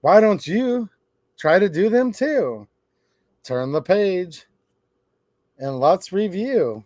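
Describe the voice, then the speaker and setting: A man's voice: a little high, expressive, slow, a little mellow, no echo, clean studio sound. A man hosting a live stream, reading a children's rhyme book aloud in a playful sing-song way.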